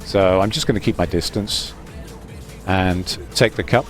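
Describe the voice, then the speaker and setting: A man with a low voice talks through his own match in a loose, rambling voice-over. He stumbles and restarts often. Faint music plays underneath. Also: a little slow. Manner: rambling, relaxed, with fillers and restarts. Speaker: gaming commentator. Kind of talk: gameplay commentary.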